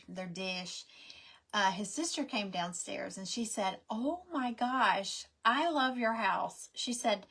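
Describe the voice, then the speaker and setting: A middle-aged woman, chatting casually and rambling through stories while she crafts on a livestream. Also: husky. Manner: rambling, animated, acts out quoted voices in a high pitch.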